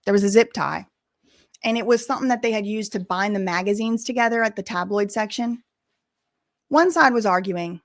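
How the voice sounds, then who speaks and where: A young woman talks straight to the viewers of her casual commentary channel, fairly quickly and at medium pitch. Her delivery is animated and emphatic, full of "y'all" and casual slang.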